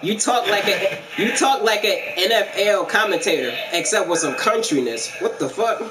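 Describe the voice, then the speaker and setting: A man's voice: high-pitched, expressive, normal speed. A man trash-talking his teammates and opponents in a casual, profane way while playing an online basketball game. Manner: profane, mocking trash talk. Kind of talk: casual gaming commentary with trash talk. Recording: loud background noise.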